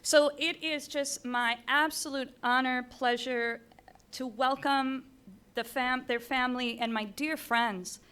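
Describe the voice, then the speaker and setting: A woman introducing a speaker at a ceremony from a podium microphone, admiring and chatty with warm asides. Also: high-pitched, fairly even intonation, takes it slowly, clean tone. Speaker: ceremony presenter. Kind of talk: introduction speech. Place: large ceremony venue.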